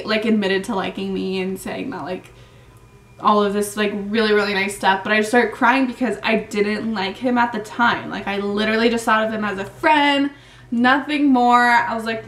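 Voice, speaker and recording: A young woman vlogger chatting casually through a Q&A, full of "like" fillers, with a slightly hoarse voice. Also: fairly high pitch, fairly bright tone, recorded from a distance. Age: young adult. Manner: chatty, many "like" fillers, laughs often. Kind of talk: casual Q&A chat. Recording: echoey room, mic set back.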